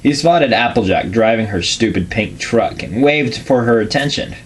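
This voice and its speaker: A man giving a deadpan, casual reading of a crude comedic fan story, with offhand asides. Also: on the low side, moderate pace, a little hiss or hum.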